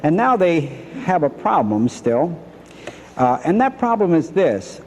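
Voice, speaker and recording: Lively older man teaching a Bible lesson. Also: on the high side, big-room sound, slight background noise, poor audio. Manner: storytelling, acts out the characters' lines.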